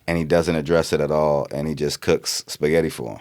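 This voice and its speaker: A man co-hosting a comedy podcast, laid-back, pitching ideas and giving frequent agreeing murmurs. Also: level tone, brisk, darkish tone. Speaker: podcast co-host. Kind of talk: casual comedy podcast chat.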